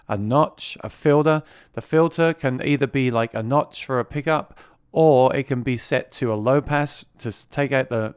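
A man's voice: mid-range voice, no room sound. Chatty man demoing gear, dry sound. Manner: chatty, repeats words when restarting. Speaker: gear reviewer. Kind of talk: casual product demo. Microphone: vocal mic routed through the mixer being reviewed.

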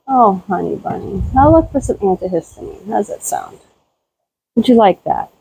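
A woman talking casually while doing farm chores outdoors around a barn, cooing at her animals in a high baby-talk voice. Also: big pitch swings, normal speed, creaky, dark tone, a little hiss or hum, low-quality recording. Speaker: homesteader vlogger. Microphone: handheld camera.

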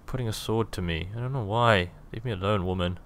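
A man's voice: fairly low pitch, brisk, fairly bright tone, a little hiss or hum. A young man giving casual, jokey, rambling commentary while playing a video game. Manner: jokey, rambling, self-amused. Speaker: gaming video host.

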